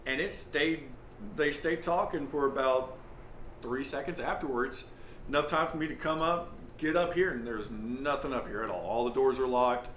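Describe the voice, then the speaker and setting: A man, recounting his experiences as owner of an old lodge in a halting, rambling way with lots of fillers. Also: medium pitch, steady tone, a bit bright. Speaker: property owner and paranormal investigator. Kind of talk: casual storytelling interview. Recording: roomy with faint noise.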